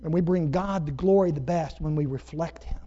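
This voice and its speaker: Pastor from Ohio, muffled sermon. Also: male voice, a little high, moderate pace, dark tone. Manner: conversational, rhetorical asides. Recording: dull muffled recording.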